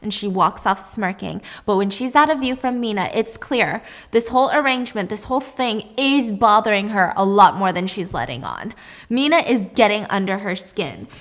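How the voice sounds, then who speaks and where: A chatty woman recapping a TV drama, with sassy asides and a casual flow. Her voice sits in a middling range for a woman. She sounds relaxed and conversational. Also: mid-range voice, normal speed. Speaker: youtuber.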